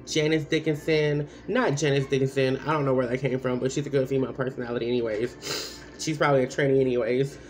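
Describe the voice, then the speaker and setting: A woman's voice: extremely low pitch, fairly even intonation, fast talker, darkish tone, faint music behind. A woman giving blunt, rambling advice in a casual vlog, full of asides and repeated points. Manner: repeats points with many fillers.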